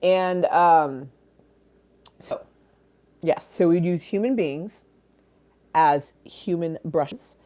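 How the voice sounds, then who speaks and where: Rambling woman with a low, mellow voice. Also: drawn-out words, pauses often. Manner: rambling, swears casually, reads out comments. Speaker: livestream host. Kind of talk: casual livestream chat. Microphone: phone.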